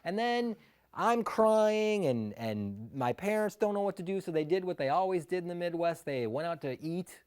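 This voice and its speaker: Animated man telling a comic tale. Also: high voice, normal speed, a little hiss or hum. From Illinois, USA. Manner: animated, self-mocking, wry asides. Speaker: storyteller. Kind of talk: comic personal storytelling.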